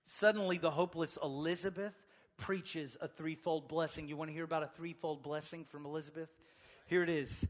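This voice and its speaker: A man preaching a sermon, swinging from hushed near-whispers to shouted passages. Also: fairly high pitch, steady tone, fairly quick, big-room sound.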